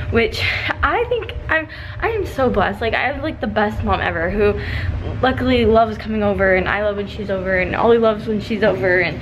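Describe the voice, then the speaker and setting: A woman's voice: mid-range voice, slight background noise. A young woman and stay-at-home mom chatting casually to camera at home, laughing often and saying "like" a lot. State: out of breath. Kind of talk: casual vlog chat. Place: home, indoors.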